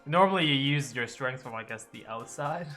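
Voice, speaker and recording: A man trades jokes with his co-host on a relaxed gaming podcast, laughing easily as he goes. His voice is bright and forward, with a bit of game music faintly underneath. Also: mid-range voice, normal speed. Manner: joking, laughs often. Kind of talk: casual chat while playing a visual novel.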